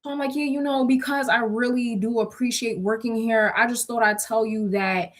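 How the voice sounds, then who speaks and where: A woman's voice: fairly high pitch, normal speed. A young woman telling her viewers a workplace story in a casual, gossipy way, acting out what everyone said. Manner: gossipy, animated retelling with quoted dialogue and bursts of laughter.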